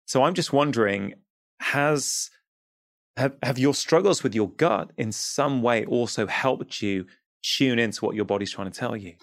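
A man hosting an interview conversation, asking reflective questions in a halting way and often repeating words. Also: medium pitch, no echo, clean studio sound. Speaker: podcast host.

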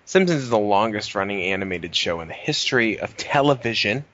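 Low-voiced man reading news casually. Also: expressive, fairly quick, a bit bright, no echo, highs cut off. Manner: laid-back, swears casually, reads quotes with fillers. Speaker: podcast co-host.

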